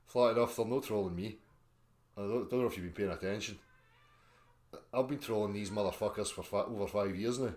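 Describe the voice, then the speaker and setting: A man's voice: fairly low pitch, fairly quick, long pauses, a little mellow. Sweary Scottish man ranting on a livestream. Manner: sweary, mocking, combative. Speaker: livestream host reading chat.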